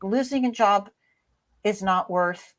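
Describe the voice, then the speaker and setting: A woman as an interview guest, telling a story in a lively way and acting out the voices in it. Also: mid-range voice, slow pace. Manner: lively, acts out voices in her stories.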